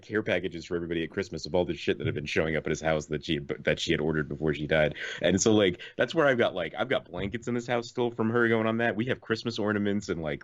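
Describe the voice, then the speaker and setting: A man's voice: fairly low pitch, no echo, lo-fi sound. A man co-hosting a podcast, casually telling a long story and laughing often. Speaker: podcast co-host. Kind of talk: casual chat.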